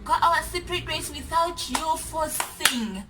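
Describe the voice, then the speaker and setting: A South African woman chatting to camera in an animated, exasperated and teasing way. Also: high voice, unhurried, recorded from a distance, very noisy. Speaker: YouTuber. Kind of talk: casual vlog chat.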